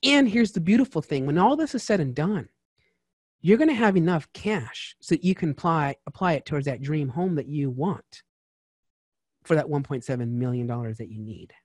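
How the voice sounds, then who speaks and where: A man's voice: fairly high pitch, moderate pace, husky, no room sound. Chatty man with a dry sound. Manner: lively, chatty, full of asides and fillers. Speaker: tax strategist guest. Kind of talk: casual interview chat.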